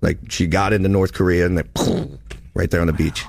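Emphatic low-voiced man, dry close mic. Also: a little fast, gravelly, no room sound. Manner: emphatic, animated storyteller. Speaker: traveler recounting a trip. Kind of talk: casual chat.

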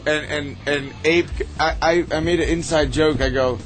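A man's voice: a little high, steady tone, moderate pace. A man in casual chat, telling rambling stories full of swearing and "dude". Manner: rambling, profane, says "dude" constantly. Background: music.

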